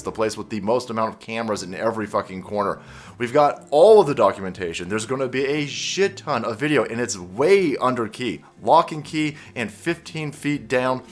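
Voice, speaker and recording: A male online commentator delivers a heated political rant in a mid-pitched voice. He swears often and jabs with sarcasm. His delivery stays fired up and combative. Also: a bit bright.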